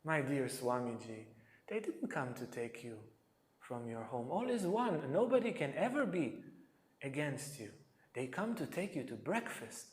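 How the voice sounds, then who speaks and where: Brief: serene old guru, hushed and calm, as a male teacher voices him, echoey hall. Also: medium pitch, unhurried. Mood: gentle.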